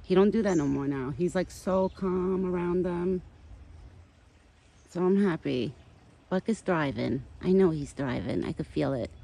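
A woman's voice: on the low side, a little slow, vocal fry, warm tone, breathy edge. A woman casually chatting while filming her pet deer in the backyard, affectionate and full of "like"s. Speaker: vlogger caring for a pet deer. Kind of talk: casual outdoor vlog chat. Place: outdoors in a backyard.

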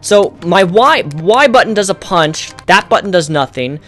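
A young man giving let's-play commentary on a console game. He sounds exasperated and breaks into loud, frustrated outbursts. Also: sits high, expressive, moderate pace, soft background music. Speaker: gamer.

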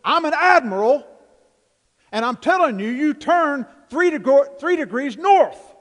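A man's voice: sits high, animated, a little slow, darkish tone, voice pushed up. A man voicing a stubborn male ship admiral who insists on his orders, in a long church reverb. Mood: insistent. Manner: insistent, commanding.

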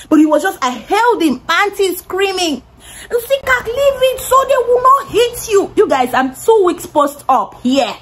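A young woman with a Nigerian accent telling an animated storytime vlog, laughing and swearing as she goes. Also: sits high. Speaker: vlogger.

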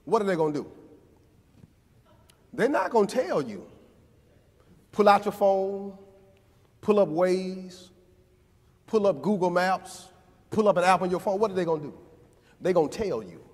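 A man preaching with a high, ringing voice that swells to near shouts and falls back low. It has a call-and-response rhythm, and his words carry a long reverb through the church hall. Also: expressive, measured pace, long pauses. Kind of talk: sermon. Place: church sanctuary.

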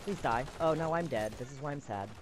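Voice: mid-range voice, fairly quick, very noisy. A game streamer in casual chat who swears freely and talks back to the game. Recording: gunfire of a shooter game behind the voice. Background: loud game gunfire.

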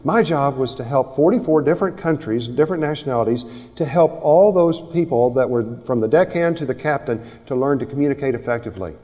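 A man's voice: medium pitch, expressive, a little fast, few pauses, mellow. A man giving a motivational seminar talk on communication to a live audience, asking rhetorical questions. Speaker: speaker on communication skills. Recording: long reverb of a hall.

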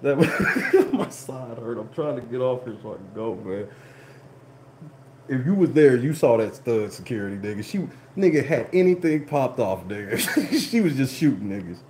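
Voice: mid-range voice, animated, normal speed, noisy background. A livestream host telling a story in a profane, laughing, indignant way. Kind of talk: animated casual storytelling.

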